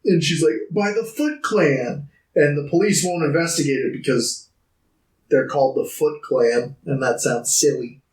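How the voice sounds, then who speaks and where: A man's voice: fairly high pitch, fairly even intonation, moderate pace, a little mellow. A man co-hosting a podcast, casually retelling movie scenes and mimicking the characters' lines. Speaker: podcast co-host. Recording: echoey room, off-mic.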